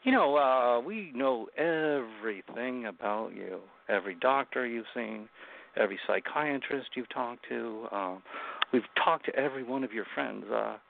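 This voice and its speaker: A man, a guest author, earnestly retelling a personal story in an interview, halting and restarting often. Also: medium pitch, vocal fry. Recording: phone-like remote call line.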